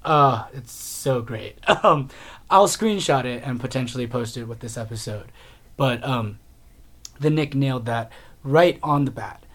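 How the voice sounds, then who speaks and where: A man's voice: medium pitch, unhurried, fairly bright tone. A man hosting a casual TV review show, rambling through his thoughts with many fillers and restarts. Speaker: TV review podcast host.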